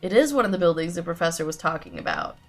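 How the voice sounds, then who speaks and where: A woman streaming a video game, giving wry, sarcastic commentary with casual swearing and a low-energy delivery. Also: wildly swooping pitch, fast talker, faint music behind.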